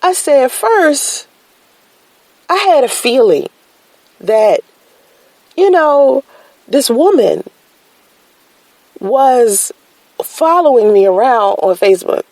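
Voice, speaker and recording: A woman telling a personal story in a casual, slangy way, jumping up high when she acts out her own shocked reactions. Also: takes it slowly, long pauses, dry recording, poor audio. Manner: animated, slangy storytelling with sudden high-pitched exclamations.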